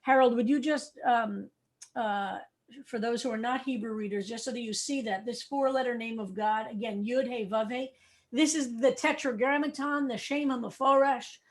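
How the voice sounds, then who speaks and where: A woman's voice: a little high, fairly even intonation, moderate pace. Woman rabbi teaching a Psalm class. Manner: thoughtful, explains step by step, repeats key points. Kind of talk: teaching a text study class.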